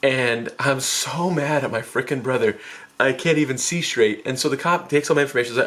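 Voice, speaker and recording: A man's voice: brisk, fairly bright tone. Rambling young man telling a story. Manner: rambling, self-mocking, many fillers and restarts; acts out his own panicked voice in high bursts. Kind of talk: casual storytime vlog.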